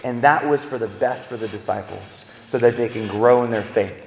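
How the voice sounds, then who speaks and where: A man's voice: moderate pace, gravelly. Emphatic man preaching in an echoey hall. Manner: emphatic, swings between loud bursts and quiet low lines. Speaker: Bible teacher. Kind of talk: preaching-style Bible talk. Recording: echoey hall with long reverb.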